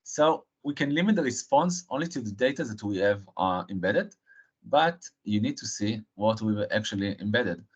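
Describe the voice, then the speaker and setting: A man presenting a live technical software demo, halting and filling pauses with frequent uh and um. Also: lowish voice, lively intonation, breathy edge. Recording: dull lo-fi stream audio.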